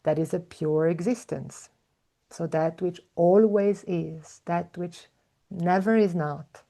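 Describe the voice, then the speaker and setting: Mellow, slow-spoken woman teaching. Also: on the low side, gravelly. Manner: slow, searching, with soft fillers and hums. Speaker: spiritual teacher, podcast host. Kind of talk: reflective spiritual talk.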